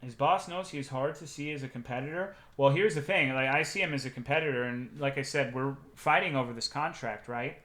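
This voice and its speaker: A young man streaming, telling profane, animated anecdotes to his chat and acting out the quotes. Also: medium pitch, a little fast, hardly any pauses. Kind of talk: casual storytelling to chat.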